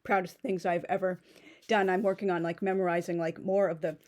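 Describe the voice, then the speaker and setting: Woman in her thirties, chatty vlogger voice, rambling with many fillers and restarts, slightly low pitch. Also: little pitch movement, fairly quick, darkish tone. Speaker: pen vlogger. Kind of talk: casual unboxing chat.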